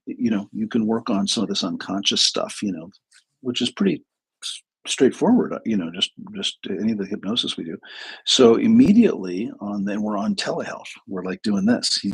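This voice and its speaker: A man with a low, gravelly voice that has a husky edge. He tells client stories in a loose, conversational way, backing up and restarting his sentences as he goes. The tone is an informal livestream talk. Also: poor audio. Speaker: hypnotherapist.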